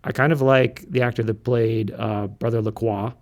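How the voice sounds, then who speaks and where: A man hosting a podcast in casual chat, measured and dryly wry. His voice sits at a middle pitch as he puts questions to his co-host. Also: steady tone.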